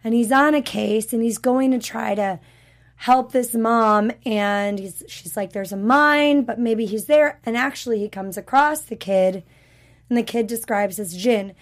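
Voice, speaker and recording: A woman co-hosting a casual TV review chat, a little hoarse from being sick, who talks in a chatty, animated way and acts out the characters' lines. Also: on the high side, measured pace. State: sick with a rough voice. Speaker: podcast co-host.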